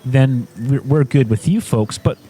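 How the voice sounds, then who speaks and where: A man's voice: medium pitch, a little slow, dark tone, a little hiss or hum. A man playing a tabletop game, asking curious, slightly nervous questions in character. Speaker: player. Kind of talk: in-character tabletop role-play.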